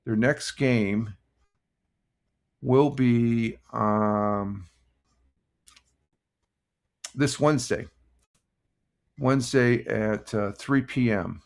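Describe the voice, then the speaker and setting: An older man hosts a casual morning livestream, rambling through sports results and greeting viewers in the chat with lots of fillers. His voice is lowish and creaky with a darkish tone.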